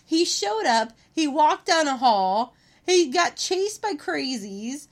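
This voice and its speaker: High, animated woman ranting profanely. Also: takes it slowly. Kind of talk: casual movie commentary chat.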